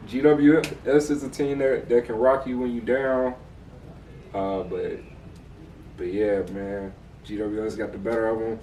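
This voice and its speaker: A man's voice: lowish voice, fairly even intonation, unhurried, dark tone, a little hiss or hum. An American man co-hosting a casual sports recap, laid-back and slangy, tossing in "bro" often. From United States. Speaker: podcast co-host. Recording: echoey room, mic far off.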